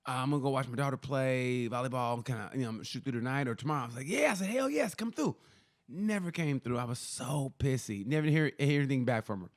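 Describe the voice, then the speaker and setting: A man co-hosting a comedy podcast, telling rambling stories in a casual chat. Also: mid-range voice. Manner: animated storytelling, quick and rambling with laughs.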